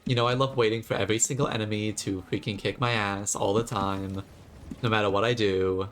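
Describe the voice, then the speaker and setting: A man's voice: lowish voice, fairly even intonation, a little fast, slight background noise. Chatty, jokey male game streamer. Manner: chatty and jokey, sarcastic asides. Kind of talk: live gameplay commentary.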